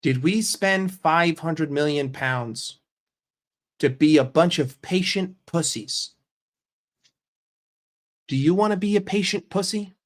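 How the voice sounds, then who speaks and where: A man's voice: fairly high pitch, slow, long pauses. A young man ranting in a football vlog, swearing and mocking in an exasperated way. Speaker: football vlogger.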